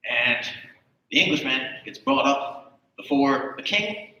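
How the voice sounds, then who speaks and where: Man, stand-up joke teller, animated delivery, bright tone, distant mic, booming hall echo. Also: slow pace, dull audio. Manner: animated storyteller, acts out character lines loudly. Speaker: comedian telling a joke. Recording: echoey hall from far off.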